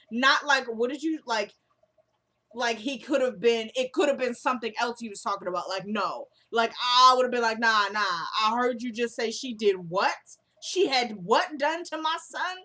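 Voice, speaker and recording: A woman's voice: sits high, pushed and bright. A woman chatting casually as she recaps a TV drama episode, acting out the characters' lines and tossing in joking asides. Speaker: TV recap vlogger.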